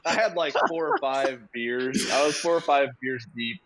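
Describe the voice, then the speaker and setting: A man joining a podcast chat, lively and joking with laughter. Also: medium pitch, normal speed, a loud crowd.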